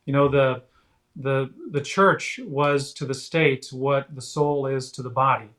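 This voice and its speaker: A man speaking as an interview guest in casual chat, halting, with frequent fillers and restarts. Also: mid-range voice, fairly even intonation, a bit bright. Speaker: guest author.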